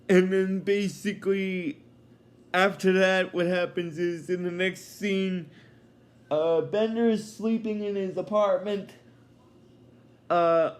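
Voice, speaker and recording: A man's voice: high-pitched, fairly even intonation, slow pace, long pauses. A man recapping a cartoon episode in a casual, rambling way, with many fillers and chuckling asides. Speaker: episode reviewer.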